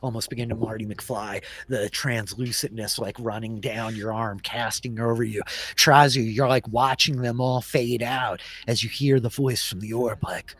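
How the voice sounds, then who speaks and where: A man's voice: medium pitch, steady tone, normal speed, fairly bright tone. A man narrating as Dungeon Master of a tabletop game, in a casual way full of filler words while he describes scenes.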